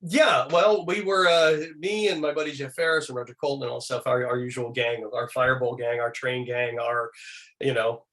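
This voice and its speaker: A man being interviewed as a guest, telling animated anecdotes and slipping into quoted voices. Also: moderate pace. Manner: animated, acts out quoted voices with big pitch jumps. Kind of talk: lively anecdotal storytelling.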